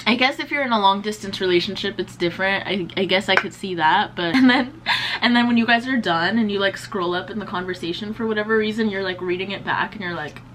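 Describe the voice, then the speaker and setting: A woman's voice: mid-range voice, fast talker, fairly bright tone, a little hiss or hum, poor audio. A young woman in her twenties, chatting casually and slangily as a beauty vlogger while doing her makeup. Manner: chatty, slangy, lots of "like" and "bro".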